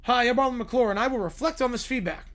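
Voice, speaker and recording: A hoarse man voicing a pompous, slick male cartoon actor who announces himself slowly. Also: very high voice, fairly bright tone. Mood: smug. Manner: slow, announcing.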